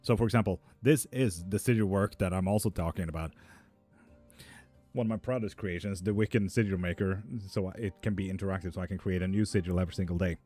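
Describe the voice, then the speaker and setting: A man's voice: low voice, quick pace, warm tone, faint music behind. A man hosting a live stream, chatting casually and answering viewer questions in a loose, joking, profane way, laughing often. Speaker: live stream host reading chat questions. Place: indoor room with a fan running.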